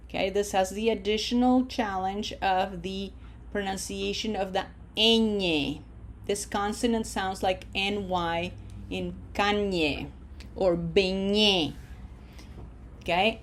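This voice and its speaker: A woman teaching a Spanish lesson at an unhurried pace. Her voice sits at a middling pitch, and she stretches the model words out slowly and clearly. Between drills she patiently checks in with her students. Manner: slow, drawn-out model pronunciations; patient, encouraging, checks in with "okay?".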